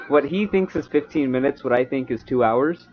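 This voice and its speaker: A young man hosts a casual podcast, ribbing his guest and laughing easily. His voice sits at an ordinary middle pitch. The sound is muffled and lo-fi. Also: lively intonation, a little hiss or hum. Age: young adult. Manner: teasing, quick to laugh. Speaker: podcast host. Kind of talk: casual chat.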